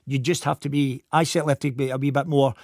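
A Scottish football coach from Glasgow with a Glaswegian accent, telling animated stories in a casual chat. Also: male voice, medium pitch, no room sound, studio quality. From Scotland. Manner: animated anecdotes, quick talk. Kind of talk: casual storytelling.

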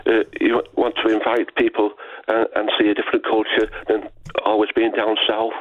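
A man's voice: lowish voice, monotone, normal speed, no echo, phone-quality sound. A man from St Helens calling in to a radio show, hesitant and repeating his words, calling the host sir. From St Helens, England. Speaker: caller. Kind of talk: phone-in call.

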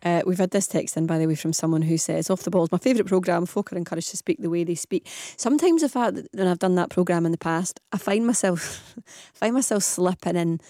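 A woman's voice: on the low side, a little fast, few pauses, warm tone, no room sound, studio quality. A woman with a Scottish accent hosting a radio phone-in, chatty and casual, reading out listener messages. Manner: chatty, says um often.

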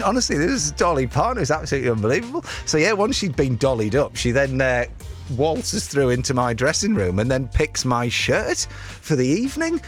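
A man hosting a radio show, talking in a chatty, enthusiastic way with plenty of fillers. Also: mid-range voice. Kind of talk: lively radio presenting.

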